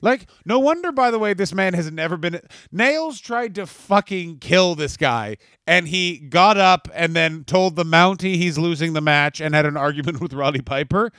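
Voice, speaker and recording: A man's voice: fairly high pitch, moderate pace, hardly any pauses, fairly bright tone, no echo. A man co-hosting a podcast in casual chat, swearing freely and riffing into mock announcements. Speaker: podcast co-host.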